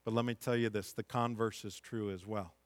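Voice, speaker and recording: A man's voice: on the low side, fairly even intonation, a little fast, no room sound. A middle-aged man preaching a sermon as pastor, reading scripture and building to impassioned, emphatic peaks.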